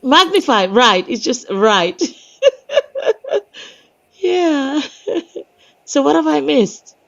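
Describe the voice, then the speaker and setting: Woman, giggly and playful, casual live-stream chat, slightly high voice, dull lo-fi sound. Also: sing-song, drawn-out words, vocal fry. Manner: giggly, playful, stumbles for words. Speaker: panel participant.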